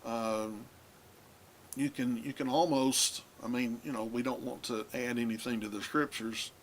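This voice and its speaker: A man teaching a recorded lesson on Bible translation, talking in a halting way with many filler pauses. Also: mid-range voice, fairly even intonation, a little hiss or hum.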